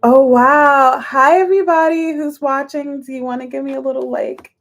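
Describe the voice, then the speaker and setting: A woman's voice: high voice, steady tone, moderate pace. A woman reading tarot on a livestream, counting aloud as she shuffles and chatting casually with her viewers. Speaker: tarot reader.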